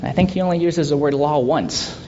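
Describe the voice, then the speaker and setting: A man leading a Bible study in a conversational way, asking rhetorical questions and laughing softly now and then. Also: a little fast. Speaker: Bible teacher. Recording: dull lo-fi sound with faint rumble.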